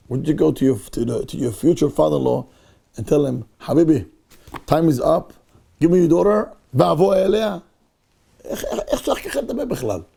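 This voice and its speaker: A rabbi teaches a Torah class, his voice pitched high and full of gravel. He acts out each figure's words with animated energy, then sinks low and intense to quote the verses. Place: synagogue.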